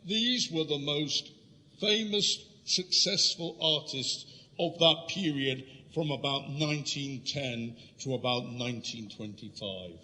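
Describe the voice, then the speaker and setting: A man's voice: medium pitch, slow. A man from London giving an illustrated history lecture, telling stories and speaking directly to his audience. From London, England. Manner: lively storytelling, addressing the audience directly. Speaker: guest lecturer. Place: lecture room. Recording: reverberant lecture hall.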